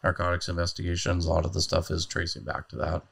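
A county sheriff, a man, speaking as a podcast guest in a measured, plain-spoken way. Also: sits low, completely flat delivery, gravelly, fairly bright tone, slightly rough. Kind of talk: casual chat.

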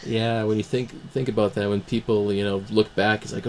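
A young man hosting a casual podcast, talking in a relaxed way with plenty of fillers. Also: lowish voice, brisk, a little hiss or hum. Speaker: host. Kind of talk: podcast intro and casual chat.

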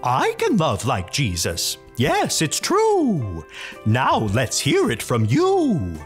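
A woman voicing a slow, hooting owl storyteller. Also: deep voice, huge pitch swings, faint music behind, heavily acted. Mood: gentle. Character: friendly owl storyteller, gentle and wise. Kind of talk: children's puppet show.

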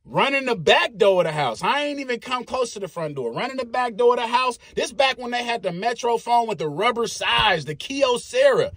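A man, telling a story in a casual, animated, profane way, with sound effects. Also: high-pitched, no echo, clean studio sound.

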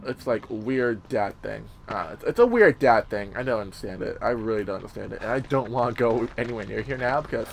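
A man's voice: lowish voice, animated, brisk, vocal fry, few pauses, slight background noise. Rambling, profane young man gaming. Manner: rambling and profane, many "like" fillers, bursts of yelling. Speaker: gameplay commentator. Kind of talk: casual let's-play commentary.

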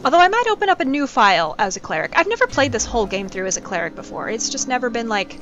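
Excitable woman commenting on gameplay. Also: on the high side, dull audio, slight background noise. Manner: chatty and excitable, quick asides and exclamations. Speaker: game streamer. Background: game music.

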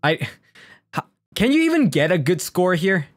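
A man in his own voice, playfully commenting on a game he is streaming. His pitch swings widely as he reacts, his voice sits a little high for a man, and he laughs often over faint background music. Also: big pitch swings, moderate pace, dry recording, clean studio sound.

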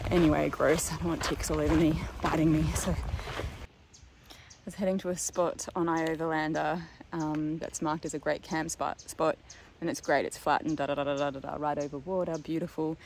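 A woman's voice: deep voice, little pitch movement, moderate pace, a little mellow, slight background noise. A young woman vlogging casually to a handheld camera, chatty and rambling, with lots of ums and likes and frequent laughs. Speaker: long-distance walker and vlogger. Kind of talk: casual vlog chat to camera.

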